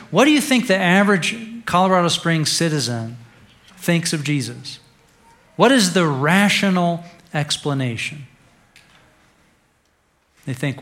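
A male pastor preaching an Easter sermon in a conversational way, dropping to a hush and then rising to stress a point. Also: on the high side. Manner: conversational preaching, swings from hushed to emphatic.

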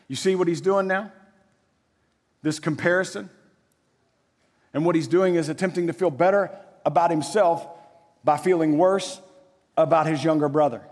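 A man in his forties preaching a sermon in a conversational, animated way, full of rhetorical questions. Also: on the high side. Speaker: pastor. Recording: echoey hall.

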